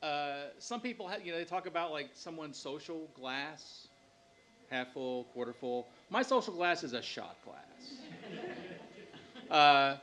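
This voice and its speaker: A man's voice: on the high side, big pitch swings, measured pace, a bit bright. A man telling a personal story on stage to a live audience, with wry, self-deprecating humor.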